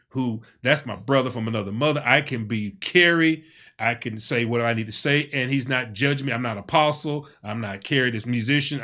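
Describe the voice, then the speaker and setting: A man's voice: mid-range voice, pushed and bright. A man co-hosting a relationship talk who is also a pastor, talking emphatically in a preacherly way with joking asides. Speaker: co-host, pastor. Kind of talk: casual relationship chat.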